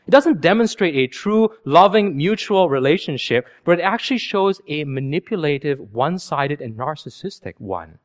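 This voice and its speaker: Male preacher, fairly high voice, lively delivery, rhetorical sermon style. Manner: animated, storytelling with rhetorical questions.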